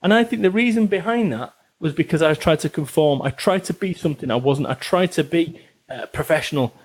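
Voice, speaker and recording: A man's voice: a little high, a little fast. A man in his forties with a Salford accent, a business author talking bluntly and swearing freely as a podcast guest, repeating phrases for emphasis. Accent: Northern English, Salford. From England. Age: 40s. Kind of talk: casual interview chat.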